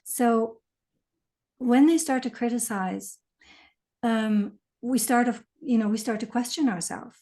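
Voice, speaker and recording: A woman being interviewed, explaining things thoughtfully and letting her lines trail off softly. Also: fairly high pitch, slow. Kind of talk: conversational interview.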